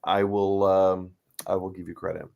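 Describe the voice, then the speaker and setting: A man's voice: deep voice, flat delivery, normal speed, gravelly, a little mellow, clean tone, muffled recording. A man from Western Pennsylvania chatting casually, in a rambling, hesitant way full of fillers. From Western Pennsylvania, United States. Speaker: co-host friend. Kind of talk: casual conversation.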